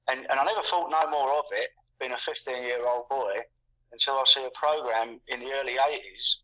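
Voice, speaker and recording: A man's voice: mid-range voice, a little fast, pushed and bright. A man in his sixties from England, a guest talking casually and ramblingly, repeating words and stacking fillers. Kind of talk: casual conversation. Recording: muffled, lo-fi call audio.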